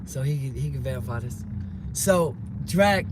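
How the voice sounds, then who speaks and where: A man telling a rambling, slangy street story that grows loud and heated. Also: mid-range voice, animated, unhurried. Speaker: vlogger telling stories. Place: car and street in the city. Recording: loud traffic and street noise.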